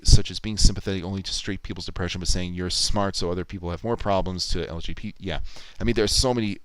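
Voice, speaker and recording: Deep, smooth-voiced male streamer. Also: dry recording, poor audio. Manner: musing, thinks aloud, reads chat comments out. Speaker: livestreamer editing a video. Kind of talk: casual livestream chat.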